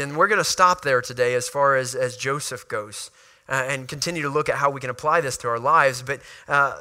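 A man's voice: on the high side, pushed and bright. A man preaching a sermon, reading scripture and explaining it in a conversational way, with frequent restarts and asides.

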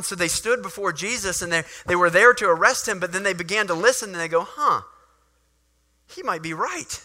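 A male preacher delivers an animated sermon, reading verses and breaking into little acted moments. His voice is very bright and slightly high-pitched, with a lively, engaging delivery. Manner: animated, acts out scenes.

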